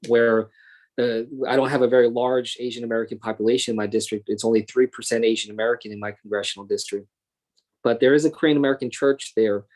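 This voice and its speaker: A man in his thirties talks through his thoughts in a reflective panel conversation. His voice sits at an ordinary middle pitch, and he sounds earnest, often pausing on "you know" and restarting his sentences. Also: fairly even intonation, a little mellow. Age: 30s. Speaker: congressman and guest speaker.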